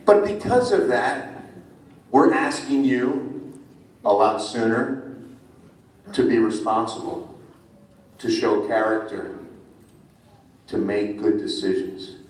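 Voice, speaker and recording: A middle-aged man from New Jersey giving a friendly, animated speech to students as a guest speaker at a school ceremony. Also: fairly low pitch, takes it slowly, pauses often. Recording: echoey hall from far off, faint ambience.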